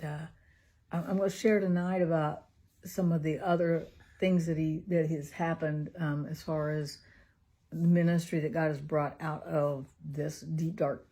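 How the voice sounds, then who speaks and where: Soft-spoken caregiving mother, husky and mellow. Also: low voice. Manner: earnest, soft-spoken, laughs often, drops to a whisper. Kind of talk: heartfelt personal vlog.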